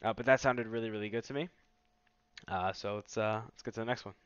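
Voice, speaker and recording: A man hosts a relaxed, upbeat product demo with a salesy edge. His voice is smooth and resonant. The recording is dry and slightly muffled. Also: lowish voice, quick pace, no room sound. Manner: casual, enthusiastic salesy delivery. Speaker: tech vlogger host. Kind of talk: casual product demo commentary.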